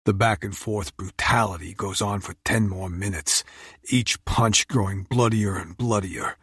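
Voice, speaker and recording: A man narrating a first-person romance audiobook in an intense, measured, brooding way. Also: lowish voice, steady tone, a bit bright, breathy edge, no echo, clean studio sound.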